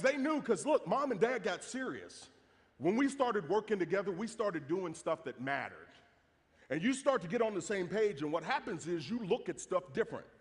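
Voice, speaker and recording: A man's voice: high-pitched, big-room sound. A man giving a live talk to an audience, joking and acting out family moments as he tells stories. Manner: storytelling, joking, acts out family voices. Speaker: speaker on personal finance.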